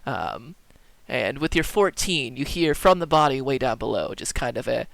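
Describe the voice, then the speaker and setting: A man's voice: medium pitch, normal speed, gravelly, no echo. A man narrating and ruling as dungeon master in a tabletop game, talking loosely with many fillers. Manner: animated, with filler-laden narration.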